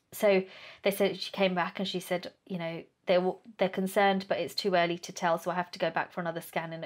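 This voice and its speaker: Woman telling a story in an interview. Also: fairly low pitch. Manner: animated storyteller, acts out quoted dialogue, laughs often. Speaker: podcast guest.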